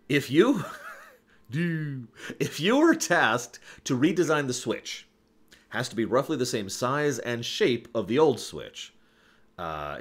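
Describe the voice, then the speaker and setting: A man answering viewer questions on a casual live stream, rambling, correcting himself and chuckling as he goes. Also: medium pitch.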